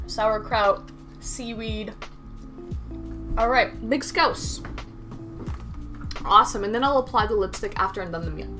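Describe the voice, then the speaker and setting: A woman's voice: a little high, a bit bright. A woman live-streaming in casual chat, thanking viewers by name and talking straight to her chat. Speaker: livestreamer.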